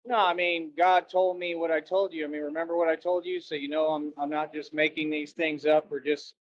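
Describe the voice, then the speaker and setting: Man, livestreamer, rambling casual chat, repetitive, slightly raised pitch, outdoors by a road. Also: little pitch movement, a little fast, dry recording, highs cut off. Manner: rambling and repetitive, keeps saying "that's right". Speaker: livestreamer asking viewers for donations. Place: outdoors near a road with passing cars.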